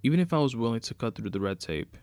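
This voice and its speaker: A man's voice: mid-range voice, sing-song, quick pace, vocal fry, darkish tone, clear, resonant tone, no echo. A man voicing a wary male district judge who doubts and pushes back. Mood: skeptical.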